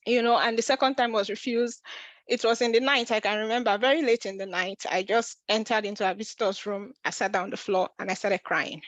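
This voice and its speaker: A woman's voice: medium pitch, fairly even intonation, fairly quick, no echo. Woman vlogger, mid-range voice, earnest personal storytelling with restarts, dry close recording. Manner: earnest, emotional, frequent restarts.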